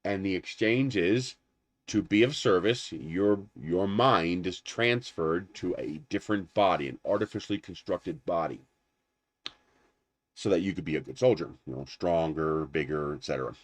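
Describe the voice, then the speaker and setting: A man hosting a casual livestream, rambling and animated, laughing at his own jokes. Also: low-pitched, normal speed, no echo. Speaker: livestream host.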